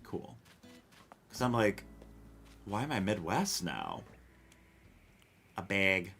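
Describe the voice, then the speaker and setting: Animated, bright-toned rambling male streamer. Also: low voice, slow pace, vocal fry, faint music behind. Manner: rambling, self-questioning, wry, casual swearing. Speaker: live streamer. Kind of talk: casual gameplay chat, reading chat.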